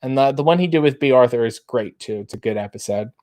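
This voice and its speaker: A man's voice: mid-range voice, fast, a little mellow. A man hosting a casual livestream, reading viewer comments aloud and riffing on them in a dry, wry way. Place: dark room with a black backdrop.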